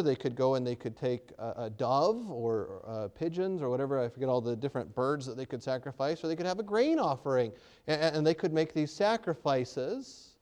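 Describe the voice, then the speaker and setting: A man preaching a sermon, retelling a story with sudden loud emphatic peaks and frequent hesitant restarts. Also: a little high. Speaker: pastor.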